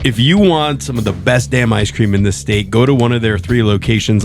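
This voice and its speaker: A podcast co-host chatting casually with an easygoing, jokey manner. His voice sits on the low side. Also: a little fast, few pauses, background noise. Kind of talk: casual chat. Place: studio.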